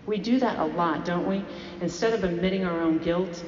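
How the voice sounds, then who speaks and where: A woman's voice: on the low side, normal speed, darkish tone, a little hiss or hum. A woman preaching a sermon, telling a story and asking the congregation rhetorical questions. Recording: echoey hall, dull lo-fi sound.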